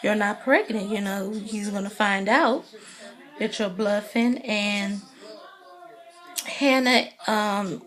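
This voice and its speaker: A woman casually recapping a TV drama episode in a chatty, animated way, acting out the characters' lines. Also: mid-range voice, slow, pauses often. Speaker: TV recap vlogger.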